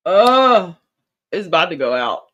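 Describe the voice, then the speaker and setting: A woman's voice: medium pitch, animated, measured pace. A woman chatting casually on a livestream from home, rambling and playfully teasing her viewers. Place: home at night.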